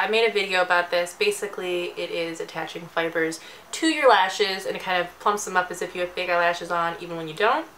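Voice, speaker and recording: A woman's voice: medium pitch, fairly bright tone, slight background noise, rough recording. A young woman giving a chatty, jokey makeup tutorial as a beauty vlogger.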